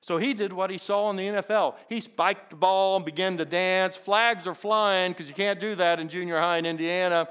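A man in his fifties, a teacher telling a personal testimony, who swings from loud excitement to soft, hushed tones. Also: moderate pace, smooth. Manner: animated, jumps into high excited voices for characters, then drops soft and hushed. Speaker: teacher and inspirational speaker. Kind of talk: storytelling testimony.

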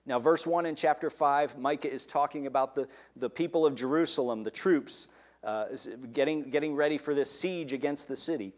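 A man's voice: fairly high pitch, animated, moderate pace, darkish tone. A man preaching a sermon, asking his listeners questions and stressing key words.

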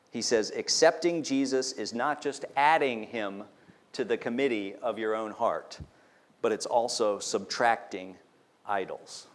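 A man preaching a sermon as pastor, explaining scripture and asking the congregation questions. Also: medium pitch. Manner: teaching, asks the congregation questions.

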